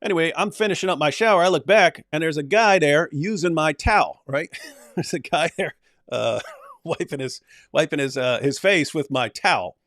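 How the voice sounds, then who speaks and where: A man's voice: on the high side, normal speed, fairly bright tone, no room sound. Chuckling, rambling man with a dry sound. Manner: rambling, chuckling, many restarts. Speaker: live stream host. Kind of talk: casual storytelling and reading comments.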